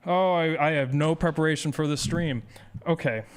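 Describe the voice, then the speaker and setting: Smooth-voiced man chatting with stream viewers. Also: fairly high pitch, normal speed. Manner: rambling, self-deprecating, reads chat aloud. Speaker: speedrun streamer. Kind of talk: casual live-stream chat with viewers.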